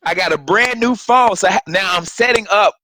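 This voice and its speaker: Animated profane man telling a story. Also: sits high, fairly quick, low-quality recording. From Florida. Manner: animated, profane, acts out voices. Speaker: guest comedian. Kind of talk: casual storytelling chat.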